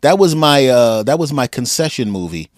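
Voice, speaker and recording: Chuckling podcast host, dry close sound. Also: male voice, mid-range voice, very animated, normal speed, dry recording. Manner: laughs often, rambling with many ums. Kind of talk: casual podcast interview.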